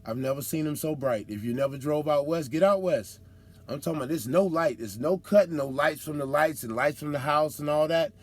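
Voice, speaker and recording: A man's voice: on the high side, a little fast. A man who drives trucks, telling road stories in a casual, slangy monologue, acting out other drivers and whooping.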